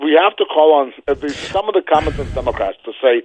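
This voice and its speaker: A man calling in as a guest on a talk radio show, forceful and indignant, hammering his points home. He is heard over a phone line. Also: on the high side, lively intonation, fast talker. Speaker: political guest. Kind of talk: call-in radio commentary.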